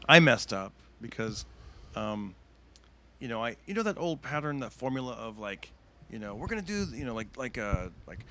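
A male stand-up comedian telling a story in casual chat, rambling with lots of fillers and slipping into quick impressions. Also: mid-range voice, sing-song, bright, forceful tone, slight background noise. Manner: rambling, full of fillers, bursts into cartoon impressions. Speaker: stand-up comedian, podcast guest.

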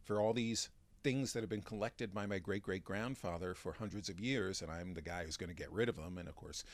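A man, a magician and stand-up comic, talking in a relaxed interview, restarting sentences as he thinks. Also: low voice, a little fast, no echo. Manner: chatty, with frequent restarts and fillers. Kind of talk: interview conversation.

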